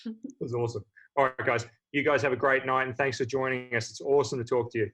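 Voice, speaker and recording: A man's voice: medium pitch, fairly even intonation, quick pace, a bit bright. A man hosting a casual video-call interview, upbeat and chatty, often restarting his sentences. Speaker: host.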